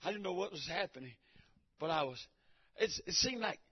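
A man giving a preaching testimony in church, emphatic and repetitive, breaking into shouts. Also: high-pitched, expressive, a little fast, husky. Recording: dull lo-fi recording.

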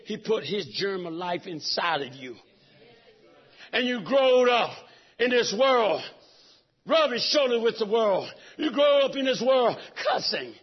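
Middle-aged preacher, very high raspy voice, dull lo-fi church recording. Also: male voice. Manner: preaches fervently, swinging from soft talk to shouts. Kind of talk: sermon. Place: church sanctuary.

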